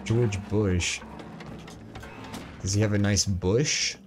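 A man's voice: fairly low pitch, steady tone, slow. A young man casually commentating a co-op video game with a friend, joking and teasing. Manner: joking, teasing, bursts into shouts. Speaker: gaming YouTuber. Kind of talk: casual let's-play commentary. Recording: voice over game music.

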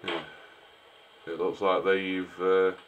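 With a deep, flat voice, a streamer takes his time joking through a game and answering its characters. The sound is phone-quality with a noisy background, fitting his casual let's-play commentary.

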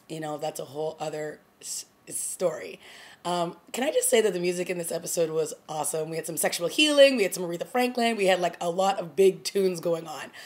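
A woman talking casually to camera as a TV review vlogger, retelling scenes with quoted lines and small laughs. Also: lowish voice. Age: adult. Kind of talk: casual chat.

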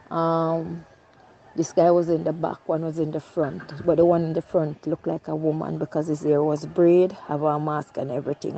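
Gravelly Jamaican woman telling her story. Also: deep voice, warm tone, highs cut off, a little hiss or hum. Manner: storytelling, slipping into patois. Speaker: robbery witness. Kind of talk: eyewitness account.

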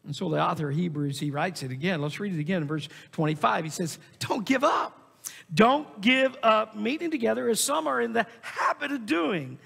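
A male pastor preaching a sermon in a church, emphatic and rising to shouts on key points. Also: high-pitched, lively intonation, normal speed, gravelly, breathy edge. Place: church sanctuary. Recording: long hall reverb.

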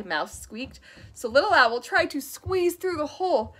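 A woman teaching an interactive preschool lesson and reading aloud, animated, gasping with excitement and asking the children questions. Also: high voice, measured pace.

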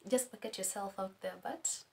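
Young woman, Kenyan accent, chatty guest, friendly asides, mid pitch, faint background hum. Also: normal speed, creaky, darkish tone. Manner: chatty, laughs at her own stories, friendly asides. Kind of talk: casual advice-giving conversation.

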